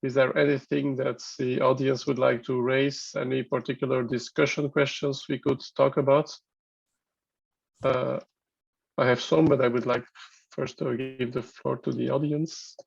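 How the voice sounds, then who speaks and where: Husky guy running a workshop discussion, halting, thinking out loud, muffled call audio. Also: medium pitch, little pitch movement. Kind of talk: online workshop moderation.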